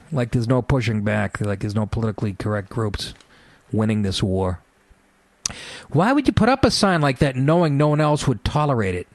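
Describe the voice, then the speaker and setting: A man's voice: medium pitch, expressive, normal speed, dry recording. A man hosting a radio show, ranting sarcastically with lots of swearing and mocking asides. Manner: sarcastic, swears a lot, jumps between mock voices. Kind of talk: profane comedic radio rant.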